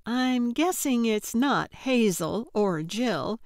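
A sugary, sing-song female kidnapper, voiced by a woman reading a storybook. Her voice rides high and bubbly, tittering and sweetly menacing, with a close, dry sound and no room around it. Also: expressive, slow pace, no room sound. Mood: sugary, chirpy. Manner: chirpy and overly friendly, tittering. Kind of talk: audiobook character voice.

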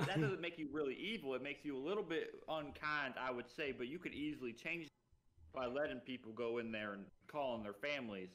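Bright-voiced male tabletop player. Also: medium pitch, brisk. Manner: easygoing, hesitant, friendly. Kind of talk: in-character tabletop play.

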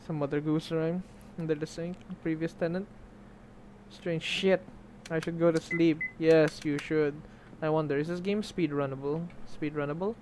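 Young man, gaming streamer, casual chatter, slightly high voice, faint background noise. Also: steady tone, normal speed, darkish tone. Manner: chatty, swears, reads game text aloud. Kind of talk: casual let's play commentary.

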